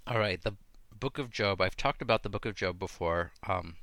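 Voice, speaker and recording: A man's voice: low voice, moderate pace, a bit bright. A man hosting a podcast, talking casually about biblical stories, thinking aloud with many fillers and restarts. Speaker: podcast host. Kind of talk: casual talk on biblical texts.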